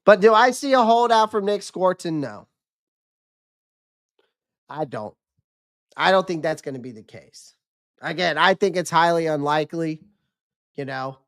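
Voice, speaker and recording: A man's voice: fairly high pitch, expressive, measured pace, long pauses, a bit bright. A man hosting a casual livestream, talking in a loose, rambling way with many restarts and fillers, his voice a little worn as he says he is losing it. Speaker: livestream host.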